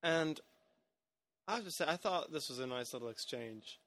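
A man's voice: on the high side, lively intonation, moderate pace, fairly bright tone. A man hosting a podcast, chatting casually about a film with many restarts and hedges. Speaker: podcast host.

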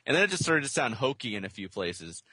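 Man, podcast co-host, bright tone, dry close sound, rambling, full of restarts. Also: medium pitch, big pitch swings, slightly rough, no echo. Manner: quick, rambling, with many restarts and fillers. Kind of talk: casual chat.

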